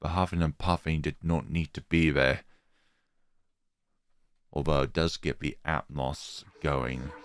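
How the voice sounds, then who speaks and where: A man's voice: extremely low pitch, fairly even intonation, measured pace, long pauses, clear, resonant tone, dry recording, clean studio sound. A man giving casual let's-play commentary with wry, sarcastic asides. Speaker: gaming YouTuber.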